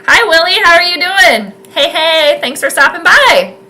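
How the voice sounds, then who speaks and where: A young woman giving casual live commentary on a football game from her home, chatting with viewers and yelling at plays. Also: very high voice, expressive, moderate pace. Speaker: sports commentator and astrologer streaming live. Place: home room with space heater.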